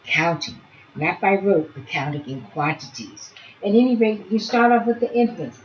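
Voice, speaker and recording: A woman who teaches early childhood education, talking through a demonstration and chatting softly to pretend infants as she goes. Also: mid-range voice, moderate pace, highs cut off, a little hiss or hum.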